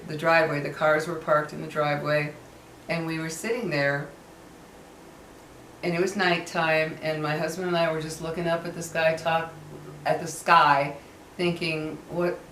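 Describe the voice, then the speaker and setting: A woman's voice: low-pitched, fairly bright tone, echoey room, recorded from a distance, slight background noise, rough recording. A woman in a casual vlog who tells a personal story earnestly and keeps stressing that it really happened. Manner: earnest, emphatic, insists the story is true. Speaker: vlogger.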